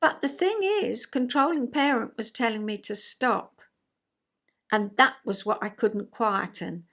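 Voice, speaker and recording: Older woman, vlogger, self-mocking and chatty, unhurried delivery. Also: on the high side, expressive, gravelly, a bit bright. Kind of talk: reading a rhyming poem, then casual chat.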